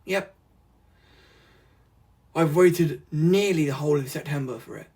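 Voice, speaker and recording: A man from the UK chatting casually through an unboxing vlog, rambling and easily excited. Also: fairly high pitch, a little slow, husky. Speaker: vlogger.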